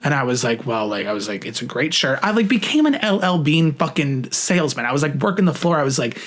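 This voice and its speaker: Young male vlogger, slightly high voice, very lively delivery, casual and profane, acts out quoted dialogue. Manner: animated, swears freely, acts out quoted lines. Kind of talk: casual storytelling.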